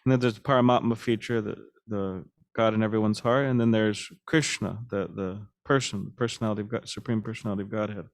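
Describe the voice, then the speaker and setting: A man giving a devotional class, speaking in a halting way with many fillers and restarts, chuckling now and then as he tells stories. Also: on the low side, steady tone. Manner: chuckles while telling stories.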